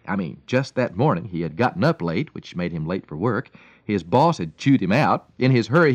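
Male radio devotional speaker, storytelling with big pitch swings, dry close mic. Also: husky, no room sound. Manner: storytelling, warm emphatic delivery with lively swings and chuckles.

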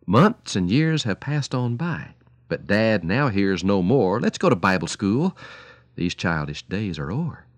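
A male radio preacher speaks in a low voice that rises and falls with feeling as he tells stories and pleads earnestly with mothers and fathers. His delivery is animated and full of expression, and the sound is dry and close, with no room around it. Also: unhurried, no echo.

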